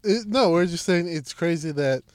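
A man's voice: on the high side, expressive. A man co-hosting a podcast, swearing and laughing through crude casual banter, often breaking off halfway through a thought. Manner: profane, laughing, halting interjections. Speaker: podcast co-host.

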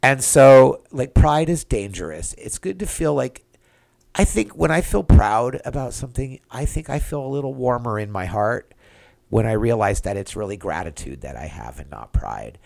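A man's voice: mid-range voice, sing-song, moderate pace, vocal fry, a little mellow. A man hosting his own podcast, talking through a personal reflection in an earnest way. He searches for words as he goes and keeps checking in with the listener. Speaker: podcast host.

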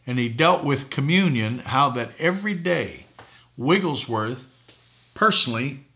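A man's voice: mid-range voice, lively intonation, a little slow, bright, forceful tone. An older man from Boston, a preacher hosting a talk show, telling folksy stories and laughing at his own jokes. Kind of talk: preaching talk show answering viewer questions.

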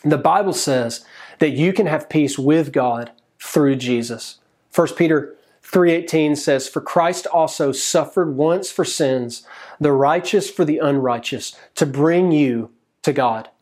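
A man's voice: on the high side, takes it slowly, darkish tone. A man preaching an earnest sermon as a pastor, speaking directly to viewers watching online.

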